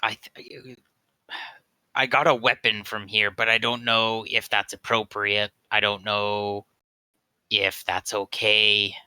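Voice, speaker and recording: A man's voice: fairly low pitch, level tone, slow pace, pushed and bright, clear, resonant tone, dry recording, poor audio. A man playing a tabletop game on a call, describing his character's moves hesitantly with many fillers. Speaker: player.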